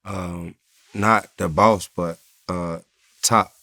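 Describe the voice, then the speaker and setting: A rapper from Chicago talking bluntly and profanely in a casual interview, telling stories with laughs. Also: male voice, sits low, steady tone, drawn-out words, bright, forceful tone, no room sound, studio quality.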